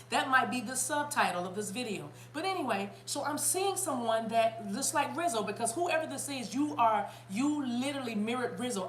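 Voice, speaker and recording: A chatty, animated woman from South Carolina, giving a casual spiritual reading to her viewers. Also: fairly high pitch, reverberant, slight background noise. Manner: animated, chatty, bursts into laughter and song. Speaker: spiritual reader.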